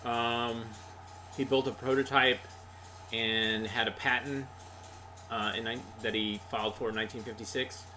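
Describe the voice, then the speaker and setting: Relaxed man chatting casually as host. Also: mid-range voice, normal speed, slight background noise. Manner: relaxed, rambling, with many fillers. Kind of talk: casual livestream chat.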